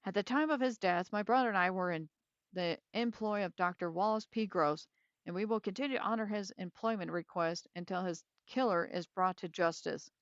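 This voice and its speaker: A woman reading aloud as a cocky young male ghost hunter who speaks boastfully and dramatically, in a smooth voice. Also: medium pitch, a little fast, dry recording, highs cut off, close to an everyday voice.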